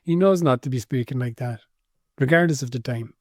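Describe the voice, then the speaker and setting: A man's voice: medium pitch, a little fast, dry recording, clean studio sound. A man co-hosting a casual book podcast, often restarting and repeating words as he hedges his points. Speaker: podcast co-host. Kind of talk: casual book-club chat.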